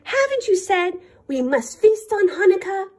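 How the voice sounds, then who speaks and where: A woman's voice: extremely high pitch, big pitch swings, moderate pace, a little mellow, faint music behind, pitched above the performer's own voice. A woman reading the part of a caring young girl who pleads and asks questions. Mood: pleading.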